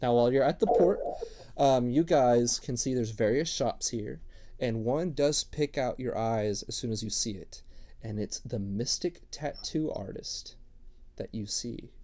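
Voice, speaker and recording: A man narrating a tabletop role-playing game as game master, in a relaxed way with many fillers. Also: medium pitch, a little slow.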